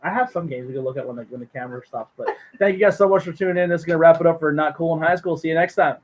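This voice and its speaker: A man's voice: fairly high pitch, very fast. A man hosting a casual podcast, talking loosely and acting out prank calls in funny voices. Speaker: podcast host. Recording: tinny phone-like sound.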